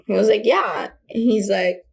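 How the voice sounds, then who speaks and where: A woman's voice: mid-range voice, measured pace, creaky, slightly rough. A woman vlogging in a casual, candid way, telling personal stories with slang and filler words as she rambles on. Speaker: self-help vlogger.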